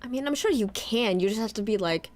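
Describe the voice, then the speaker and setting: A woman's voice: on the high side, lively intonation, quick pace, a little mellow, slight background noise. A woman reading lines aloud cheerfully while playing through a story game with a friend. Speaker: game streamer. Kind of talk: casual let's-play chat. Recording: game music playing behind.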